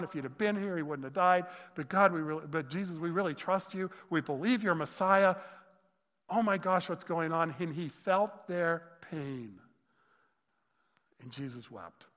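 A man preaching a sermon with a fairly high voice, expressive and exclaiming, dropping to near-hushed asides and then rising again. The sound carries a long reverb, as in a church sanctuary. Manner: expressive, exclaiming, swings between loud and hushed. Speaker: pastor.

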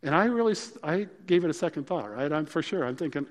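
A man's voice: a little high, lively intonation, fast talker. A man preaching a sermon, telling personal stories in a conversational, humorous way. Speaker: pastor. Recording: long reverb of a large hall.

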